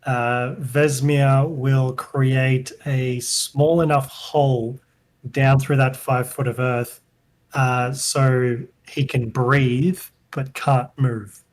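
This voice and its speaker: A man playing a tabletop game who describes his moves slowly, with many pauses. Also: medium pitch, little pitch movement, low-quality recording. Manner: slow, hesitant with fillers. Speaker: player.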